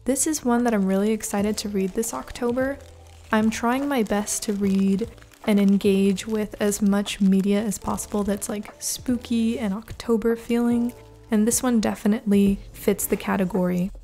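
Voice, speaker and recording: Over lo-fi background music, a woman with a medium-pitched, steady, warm voice delivers a chatty voice-over at a moderate pace. She's a manga vlogger recording on a home voice-over mic, bubbling with excitement as she talks to her audience.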